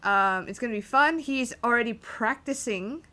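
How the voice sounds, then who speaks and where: A woman's voice: on the high side, normal speed, pushed and bright. A woman composer chatting casually with her livestream viewers, rambling with many fillers as she answers chat.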